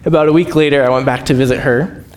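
A man preaching as a missionary, telling stories with lively acted-out voices and frequent laughs. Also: fast. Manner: animated, acts out quoted voices, laughs often. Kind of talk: storytelling sermon. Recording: echoey hall, faint rumble.

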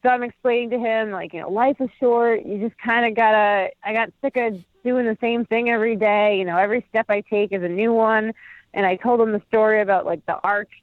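A woman's voice: fairly high pitch, fairly even intonation, fairly quick, dry recording. A woman telling a rambling story about her walk in casual chat, full of fillers and acted-out quotes. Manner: chatty, heavy on fillers, acts out quoted voices. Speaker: podcast guest walking across the country. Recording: tinny phone-like line, dry.

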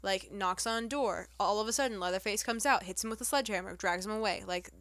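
A woman co-hosting a casual movie review chat, telling stories with lively asides and acting out her own reactions. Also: fast, no echo. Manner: animated storyteller, quotes herself in a higher voice. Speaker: podcast co-host.

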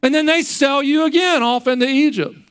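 A man's voice: extremely high pitch, a little fast, a bit bright. A male preacher giving a sermon, with rhetorical questions and vivid retelling.

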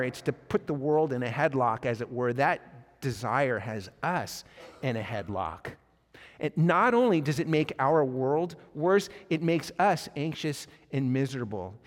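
A male pastor giving a sermon, telling a story and acting out its dialogue with animated delivery. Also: mid-range voice. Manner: lively storytelling, acts out quoted dialogue. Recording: long reverb of a large hall.

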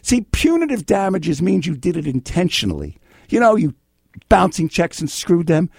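An older man hosting a call-in legal advice radio show, blunt and excitable, swinging between yelling and calm. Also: high-pitched, normal speed, gravelly, breathy edge, no room sound, clean studio sound. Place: radio studio.

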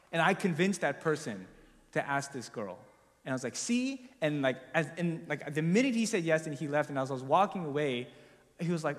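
A man's voice: on the high side, fairly bright tone, long reverb tail. A young man preaching, telling a personal story in a casual, confessional way with lots of filler words.

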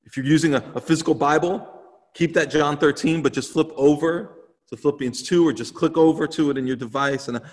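A man's voice: on the high side, fairly even intonation, a little fast. A male pastor giving an earnest, emphatic sermon in a church sanctuary. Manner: earnest, emphatic preaching with repeated phrases. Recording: long hall reverb.

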